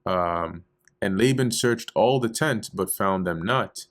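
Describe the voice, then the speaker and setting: Low-voiced man reading and explaining scripture. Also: takes it slowly. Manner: reads archaic verses, then explains them in loose slangy paraphrase. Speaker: Bible study teacher. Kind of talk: casual scripture reading and commentary.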